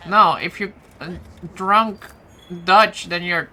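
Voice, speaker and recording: Bright chatty Flemish woman. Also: on the low side, steady tone, takes it slowly, slight background noise. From Flanders, Belgium. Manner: chatty, talks to chat while playing, swears lightly. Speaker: streamer. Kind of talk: casual live game commentary.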